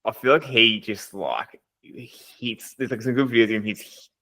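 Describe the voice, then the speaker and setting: A man hosts a relaxed podcast chat, enthusiastic and blokey, tossing in casual swearing. His voice is lowish but bright and forward in tone. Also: unhurried.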